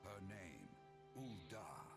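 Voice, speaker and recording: A man's voice: sits low, sing-song, takes it slowly, gravelly, full character voice. A man narrating a video game's opening in grand scripted storytelling over its music. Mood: solemn. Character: grand male storyteller narrating a desert city. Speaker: game narrator. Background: loud orchestral game music.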